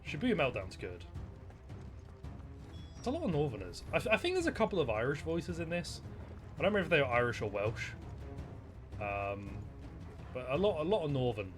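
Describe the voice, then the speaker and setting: A man's voice: fairly high pitch, wildly swooping pitch, fairly quick, long pauses, soft background music. A man streaming a video game, chatting casually to viewers, swearing and laughing often. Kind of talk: casual gameplay commentary.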